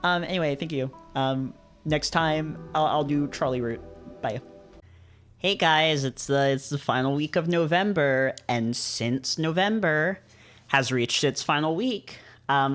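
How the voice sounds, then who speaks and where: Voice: mid-range voice, measured pace, fairly bright tone, soft background music. Chill let's-play reader, mid voice, ums a lot, keeps cutting themself off. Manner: rambling, hesitant, frequent fillers and self-interruptions. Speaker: visual novel reader. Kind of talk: casual let's-play reading and commentary.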